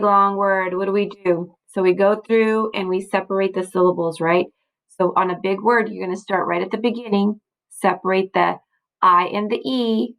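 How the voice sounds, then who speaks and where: A woman with a gravelly mid-range voice, roughly recorded on a computer mic as a screen recording, teaches young students through a recorded slideshow lesson. She is patient and encouraging, often checking in with "okay?" and "right?"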